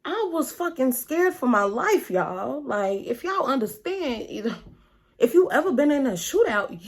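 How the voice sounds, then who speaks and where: Woman telling a profane, animated story. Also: high-pitched, unhurried, husky. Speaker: vlogger. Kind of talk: casual storytime.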